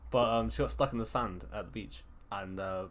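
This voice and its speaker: A man co-hosts a casual podcast chat over an online call, rambling, restarting often, and swearing. He has a lowish voice and speaks fairly quickly.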